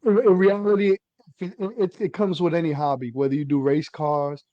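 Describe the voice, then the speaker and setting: Animated middle-aged New man. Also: fairly high pitch, normal speed, no room sound, lo-fi sound. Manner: animated storytelling, laughs while talking. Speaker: radio hobbyist guest. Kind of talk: casual chat.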